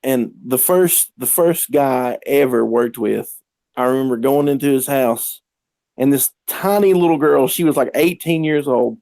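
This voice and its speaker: A man's voice: mid-range voice, moderate pace, gravelly, warm tone, no echo. A man telling casual, rambling stories as a podcast guest, acting out the quotes. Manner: rambling anecdotes with acted-out quotes. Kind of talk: casual storytelling.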